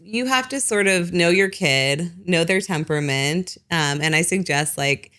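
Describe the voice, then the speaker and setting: A woman's voice: on the low side, a little slow, bright, forceful tone, smooth. A woman psychologist, a guest on a podcast, explaining at length in casual talk with lots of "like" and "you know.". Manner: acts out short parent quotes in other voices.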